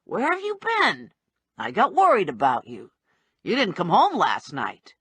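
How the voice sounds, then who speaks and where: A pushy, streetwise middle-aged bookie, played by a woman narrator. He talks bluntly and nosily with a slightly breathy, unhurried delivery. His pitch swings widely from line to line. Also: wildly swooping pitch, fairly bright tone, dry recording, heavily acted. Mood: nosy.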